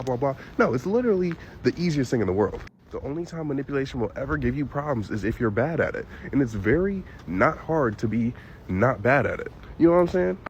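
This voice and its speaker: A man's voice: medium pitch, roomy sound, lo-fi sound, slight background noise. A young man talking in a blunt, slangy, matter-of-fact way. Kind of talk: casual monologue on dating tactics.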